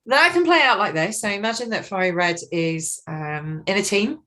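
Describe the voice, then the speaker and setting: Animated woman leading a training workshop. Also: medium pitch, normal speed. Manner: animated, expressive, acts out colleagues. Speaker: workplace communication trainer. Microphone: video call.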